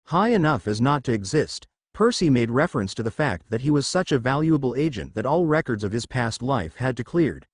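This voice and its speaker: Male narrator, lively pitch, dry close sound, fan-fiction reading. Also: moderate pace, hardly any pauses, dry recording.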